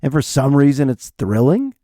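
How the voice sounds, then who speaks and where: A man's voice: medium pitch, sing-song, moderate pace, dark tone, dry recording, clean studio sound. A man hosting his own podcast, rambling jokily through a solo monologue and talking to himself. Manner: rambling, jokey, talks to himself. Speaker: podcast host.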